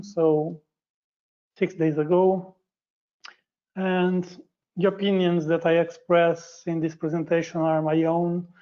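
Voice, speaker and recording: Portuguese-accented man, non-native English speaker, webinar presenter; flat and hesitant, lo-fi call audio. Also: on the high side. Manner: halting, frequent fillers and self-corrections. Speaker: guest speaker.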